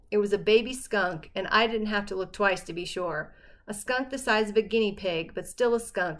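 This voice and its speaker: A woman's voice: mid-range voice, normal speed, fairly bright tone. Woman narrating a novel aloud. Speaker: audiobook narrator. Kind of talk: first-person novel narration.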